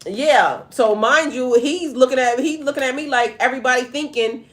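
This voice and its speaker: A woman's voice: high voice, normal speed, a bit bright. A middle-aged woman giving a casual livestream tarot reading, talking straight to viewers and breaking into laughing, profane stories. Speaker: tarot reader and spiritual life coach.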